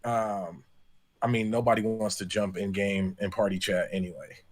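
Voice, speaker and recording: A man on a casual panel chat, talking in a relaxed, conversational way. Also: on the low side, moderate pace. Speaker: podcast panelist.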